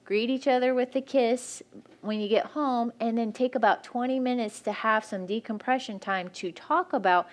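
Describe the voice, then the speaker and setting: A woman's voice: fairly high pitch, moderate pace. A woman speaking frankly and practically at a church marriage workshop, teaching couples.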